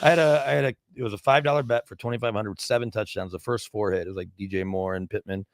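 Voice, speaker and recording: A man's voice: lowish voice, fairly even intonation, quick pace, dry recording, studio quality. A man co-hosting a casual sports chat, telling rambling stories.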